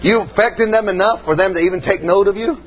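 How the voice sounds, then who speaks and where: A man preaching a folksy storytelling sermon, emphatic and colloquial, building to shouted points, on a slightly muffled recording with a faint hum. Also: sits high, fast talker.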